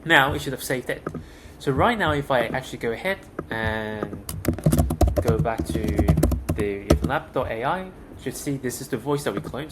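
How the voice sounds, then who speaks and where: A young man casually talking through a software demo, loose and chatty with many fillers, recorded at a desk mic. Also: medium pitch. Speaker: tech tutorial host. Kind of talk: casual screen-share walkthrough. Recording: noisy background with keyboard clicks.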